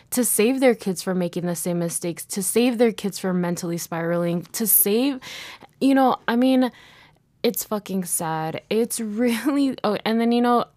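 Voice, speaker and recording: A young woman talks alone into a close podcast mic, fired up and swearing freely. She keeps restarting and trailing off mid-thought. Her voice sits at an everyday middle pitch in a dry, deadened room. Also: a little mellow, dry recording. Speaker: podcast host. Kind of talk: casual solo podcast monologue.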